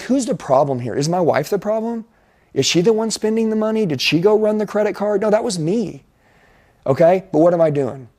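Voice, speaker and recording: A middle-aged man delivering a motivational talk with intense, emphatic punch. His voice sits a little higher than most men's. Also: mellow. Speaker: sales and life coach.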